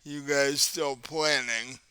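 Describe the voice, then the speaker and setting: A man running a tabletop game as game master, explaining the scene slowly and chuckling often. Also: medium pitch, fairly even intonation, pushed and bright, clear, resonant tone, dry recording.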